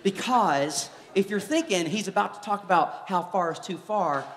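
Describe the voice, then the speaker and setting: A man, a former youth pastor, giving a live preaching talk in an animated, joking storytelling manner in a large church hall. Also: sits high, moderate pace. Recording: echoey hall with long reverb.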